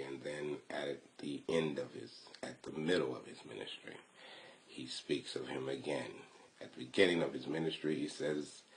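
A middle-aged father speaks in a measured, reverent cadence, like a preacher offering a blessing. His voice sits extremely low, and a faint hiss lies beneath it. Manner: measured, reverent, quotes scripture.

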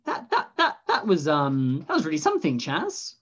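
A man's voice: a little high, huge pitch swings, moderate pace, fairly bright tone, highs cut off. A man co-hosting a spoof news show, with a stammering, flustered, bumbling delivery. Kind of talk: comic news presenting.

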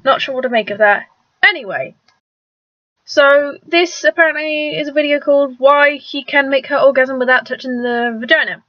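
A woman's voice: high voice, sharp tone, no room sound. A young woman reacting to a video, incredulous and exclaiming, often stammering and restarting her sentences. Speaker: reaction vlogger. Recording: dull lo-fi sound with faint music.

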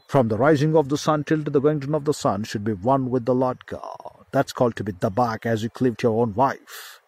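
A man's voice: medium pitch, a little mellow, dry recording. A man preaching a sermon, teaching with emphatic repetition and Hebrew word studies.

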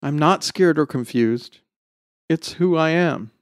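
A man voicing an anxious, withdrawn teenage boy who speaks quietly and hesitantly, reading a story. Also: a little high, slow, dry recording, studio quality, pitched above the performer's own voice. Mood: subdued. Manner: subdued, hesitant.

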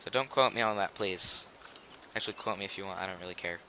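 A teenage boy hosts a gaming channel, giving casual let's play commentary in a low, quick, bright and forceful voice over a little hiss or hum. He rambles, chats, gets silly and trails off mid-sentence.

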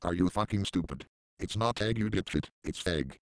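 A man giving mocking commentary, deadpan, sarcastic and profane. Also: deep voice, moderate pace, dry recording. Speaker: commentary channel host.

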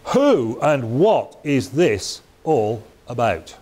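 A man's voice: medium pitch, big pitch swings, extremely slow, darkish tone, slightly rough. Man giving a chatty Bible talk. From Wales. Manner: conversational, chatty asides and restarts. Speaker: preacher. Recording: faint hiss.

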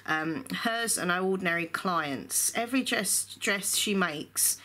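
A woman chatting casually in a home book vlog, rambling and gushing with excitement. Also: on the low side, unhurried. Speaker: book vlogger. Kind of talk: casual book haul chat. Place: indoor room at home.

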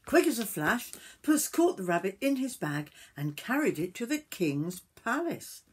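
An older woman reading a picture book aloud to children, gentle and stopping to point at the pictures. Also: medium pitch, sing-song, unhurried, husky. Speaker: storyteller grandmother.

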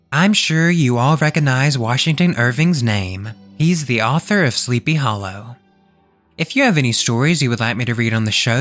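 Man, podcast host, reading a classic tale, expressive, lively pitch, faint music behind.

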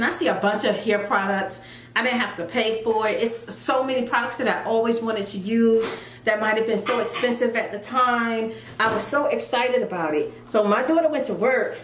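A middle-aged woman with a somewhat high voice tells a long story in a casual vlog. She acts out the other people's voices and throws in folksy asides. The room sounds echoey, with a faint hum of noise behind her. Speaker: vlogger.

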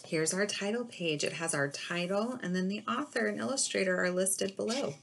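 A woman, a kindergarten teacher, reading a picture book aloud to her class in a slow, expressive way. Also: medium pitch, gravelly, a little hiss or hum.

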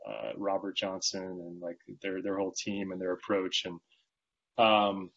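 A male magazine writer talking as a podcast guest in casual interview chat, telling rambling, animated stories with many restarts. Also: low-pitched, a little slow, muffled recording.

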